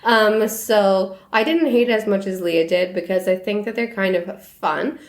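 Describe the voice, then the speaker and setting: A woman co-hosting a podcast, chatting casually about books in an animated way and laughing often. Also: mid-range voice, unhurried. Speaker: podcast co-host. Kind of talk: casual book chat. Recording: echoey room.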